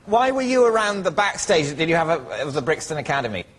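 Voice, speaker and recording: A man who is a team captain on a comedy panel show, speaking in a sardonic, deadpan way. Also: a little high, fast. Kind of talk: comic panel show banter. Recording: loud studio audience ambience.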